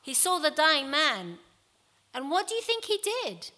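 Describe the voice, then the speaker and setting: A woman voicing a kindly male teacher telling a parable, gentle and expressive, with long hall reverb. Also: high-pitched, measured pace, pitched above the performer's own voice, full character voice. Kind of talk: reading a Bible story aloud.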